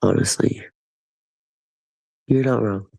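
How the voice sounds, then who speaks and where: A man's voice: fairly low pitch, slow, vocal fry, dark tone, breathy edge, low-quality recording. A man chatting casually with his livestream viewers, rambling and profane, with a stuffy nose.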